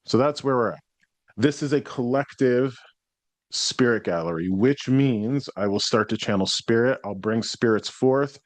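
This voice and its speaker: A man's voice: lowish voice, no echo. Reflective American man podcasting solo. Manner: reflective, explanatory, frequent throat clearing. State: worn out after burnout. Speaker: podcast host and psychic medium.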